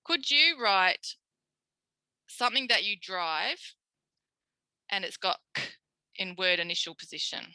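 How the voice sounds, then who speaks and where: An Australian woman, a speech pathologist, giving a recorded tutorial lecture in a lively way, acting out quoted voices. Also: mid-range voice, measured pace, long pauses, smooth, no echo, rough recording. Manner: animated, acts out quoted voices.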